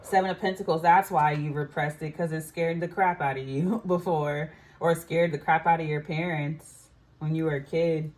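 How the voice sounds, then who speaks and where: Speaking at normal speed in a low, steady, darkish voice, a woman does a casual tarot reading to camera. She chats and muses freely, leaning often on "I feel like."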